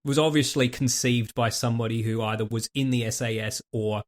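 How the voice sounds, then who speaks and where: A man's voice: mid-range voice, fairly even intonation, fairly quick. Chatty man retelling TV scenes. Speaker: podcast co-host. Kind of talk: casual chat.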